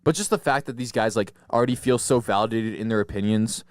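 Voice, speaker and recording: A man's voice: fairly low pitch, quick pace, no room sound. A young man co-hosting a podcast, rambling in casual chat, laughing often and acting out quotes. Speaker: podcast co-host.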